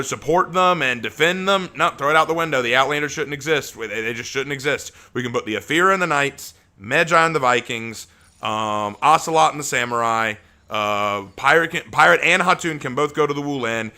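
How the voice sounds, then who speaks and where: A man's voice: medium pitch, brisk, sharp tone. A man streaming a game and ranting about it, exasperated and sarcastic, hammering the same points with rising heat. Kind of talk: live-stream rant.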